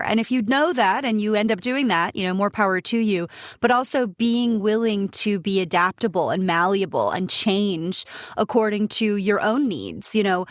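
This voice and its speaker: A woman's voice: mid-range voice, expressive, moderate pace, dry recording, studio quality. A woman co-hosting a podcast, chatting eagerly about film music and often restarting her sentences. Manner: enthusiastic, rambling with many restarts. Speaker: podcast co-host. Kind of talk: casual podcast chat.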